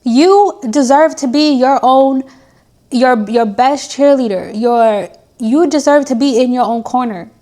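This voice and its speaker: A woman's voice: sits high, measured pace, warm tone. A young woman vlogger in a candid diary-style talk to camera, chatty and self-mocking as she gives an emotional pep talk.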